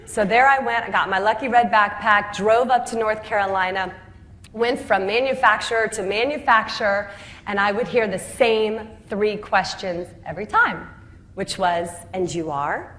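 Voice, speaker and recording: A woman telling the story of how she built her business, lively and laughing at her own anecdotes. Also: mid-range voice, moderate pace. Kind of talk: storytelling talk. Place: home city Atlanta.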